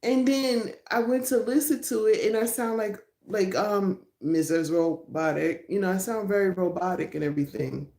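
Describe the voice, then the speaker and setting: A woman's voice: mid-range voice, moderate pace, hardly any pauses, warm tone. A middle-aged woman hosting a casual live stream on her phone, chatting loosely with viewers and laughing often. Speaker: livestream host. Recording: roomy echo.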